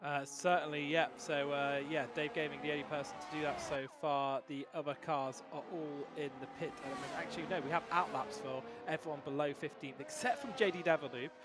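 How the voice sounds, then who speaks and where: A man giving live commentary on a sim racing session, building excitement on fast laps. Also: fairly high pitch, noisy background. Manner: excitable, rising on fast laps, some restarts.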